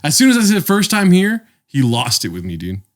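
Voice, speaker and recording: A man's voice: fairly high pitch, a little fast. A young man co-hosting a podcast, telling a story in casual chat, swearing often and acting out the voices of people in it. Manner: animated, swears often, acts out voices in his stories. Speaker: podcast co-host.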